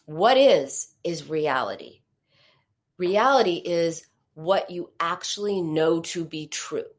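A woman's voice: on the low side, animated, slow. A woman talks through a live-streamed talk, reading viewer comments aloud and answering them. Her delivery is conversational and reassuring, with ums and repeated words. She speaks as a support group leader on emotional eating. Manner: conversational, reassuring, with fillers and repetitions.

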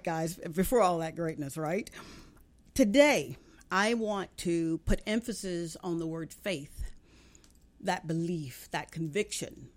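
A woman hosting a radio talk show, giving an emphatic motivational faith talk in a preaching cadence. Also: lowish voice.

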